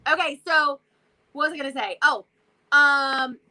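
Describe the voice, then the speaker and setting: A woman with a Southern American accent, co-hosting a casual vlog chat in an animated, chatty way. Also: high voice, a little slow, rough recording. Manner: animated, chatty, loud exclamations and laughs. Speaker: vlog co-host.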